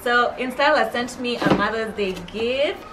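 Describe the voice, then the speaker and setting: A young woman vlogging casually as a new mother, giggly and gushing with excitement. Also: a little high, normal speed, over loud music. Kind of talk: casual vlog chat.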